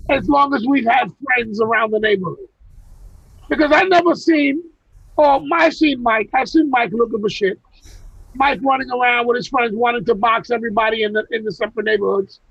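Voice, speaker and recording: A guest on a video call recounts long personal stories full of profanity, rambling with frequent restarts during a casual chat. His very high-pitched voice is creaky and fairly bright with a breathy edge; the video call mic sound is lo-fi, without echo.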